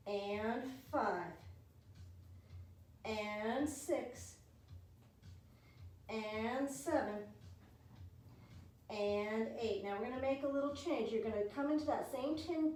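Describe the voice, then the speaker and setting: A woman leads a home pilates session, calmly counting and calling out breaths. Her voice sits slightly high. The mic is set well back in a strongly echoing room with faint background noise. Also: far from the mic. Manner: counting reps and cueing breaths, encouraging. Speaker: pilates instructor. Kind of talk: guided exercise class.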